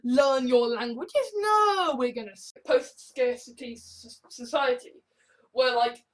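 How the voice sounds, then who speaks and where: A woman's voice: sits high, takes it slowly. A woman from England talking in a rambling, profane monologue full of restarts and swearing. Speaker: vlogger.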